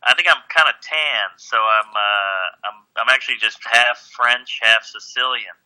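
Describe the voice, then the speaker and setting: A man's voice: medium pitch, unhurried, bright, forceful tone, rough recording. A man from New Orleans, a comedian guest joking dryly through a phone interview. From New Orleans, Louisiana. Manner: dry, joking delivery. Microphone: phone call.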